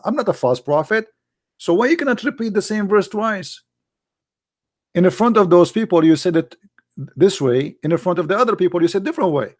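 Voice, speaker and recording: High-voiced sarcastic man. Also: lively intonation, fairly quick. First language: Arabic. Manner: sarcastic, emphatic rhetorical questions. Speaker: religious critic. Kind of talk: polemical monologue.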